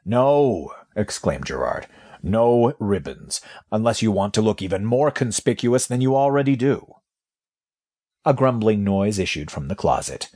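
A man narrates a fantasy audiobook in a lowish, husky voice. His pitch moves a lot, giving the reading an animated, storytelling lilt. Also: normal speed. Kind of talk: scripted narration.

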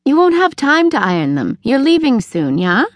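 A woman voicing a kindly, comforting Amish aunt who speaks gently in an audiobook. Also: sits high, big pitch swings, moderate pace, no room sound, clean studio sound, voice pushed up. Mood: gentle.

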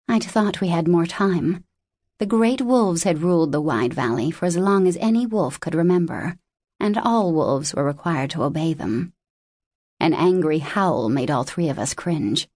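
Woman reading a fantasy audiobook, lowish voice, dry studio sound, measured and expressive. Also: dry recording. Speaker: audiobook narrator. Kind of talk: scripted narration.

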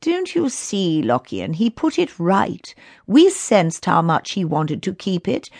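Woman voicing a patient storybook elder, firm and measured. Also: medium pitch, a little mellow, dry recording, studio quality. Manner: measured, determined. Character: calm wise council elder who defends the children.

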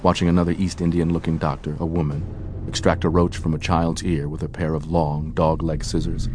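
A man narrating an audiobook in a measured, even manner. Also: sits low, faint music behind. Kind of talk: scripted narration.

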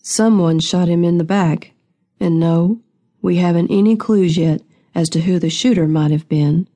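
A woman voicing a stern, blunt male acting constable who talks low and measured. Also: mellow. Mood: questioning.

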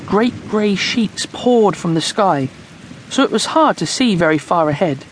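A woman narrating a children's storybook in a slow, expressive storytelling manner, close to the mic. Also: mid-range voice, a little hiss or hum. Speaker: audiobook narrator.

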